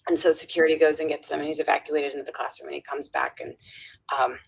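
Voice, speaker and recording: A woman's voice: low-pitched, steady tone, fast talker, gravelly, breathy edge. A woman guest on a podcast, telling an earnest story with restarts and frequent "right?" tags. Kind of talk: storytelling in a conversational interview.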